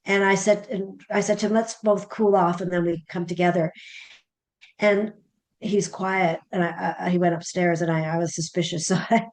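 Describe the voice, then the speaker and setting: A woman's voice: fairly low pitch, fairly even intonation, moderate pace. A middle-aged woman, a parenting author guest, telling a story animatedly and acting out the dialogue. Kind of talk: conversational storytelling interview.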